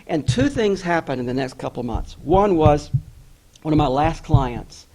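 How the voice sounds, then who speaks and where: A middle-aged man with a somewhat high voice tells his own life story to an audience. He is candid and self-deprecating and acts out the people he quotes. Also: lively intonation, normal speed, darkish tone, low-quality recording. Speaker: author giving an address. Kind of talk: personal storytelling speech.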